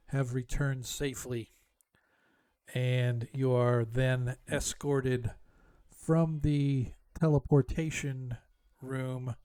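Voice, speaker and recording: A man acting as game master, slowly describing scenes for his players with frequent ums. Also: mid-range voice, darkish tone, clear, resonant tone. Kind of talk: narrating a tabletop game.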